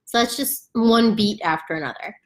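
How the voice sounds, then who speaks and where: A woman's voice: on the high side, normal speed. Chatty woman teaching yoga chanting. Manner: chatty, laughs often, demonstrates sounds. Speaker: yoga instructor. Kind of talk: casual instructional talk. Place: home.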